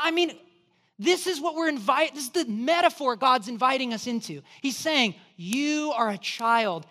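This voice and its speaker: A man's voice: very high voice, pushed and bright. A middle-aged male pastor preaching a sermon, telling stories animatedly and acting out little asides with rising emphasis.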